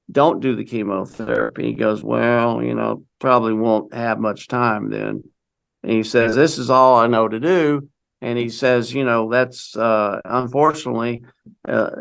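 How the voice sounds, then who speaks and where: A middle-aged guest tells a personal story in a mid-range, somewhat bright voice with vocal fry. His telling is casual and rambling, full of restarts and quotes of what other people said to him.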